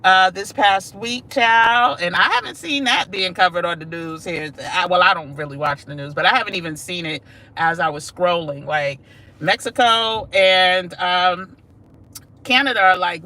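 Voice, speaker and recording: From the driver's seat of her car, a chatty woman vlog host streams live and speaks right to viewers, sassily tossing out "y'all" and "child." She talks at a normal speed in a lowish voice with a sharp tone.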